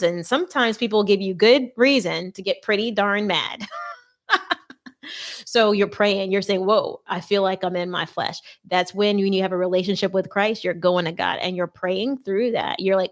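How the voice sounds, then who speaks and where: A woman's voice: medium pitch, moderate pace. A woman host talking earnestly and conversationally about faith and marriage preparation, with playful asides. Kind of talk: faith-based marriage advice talk.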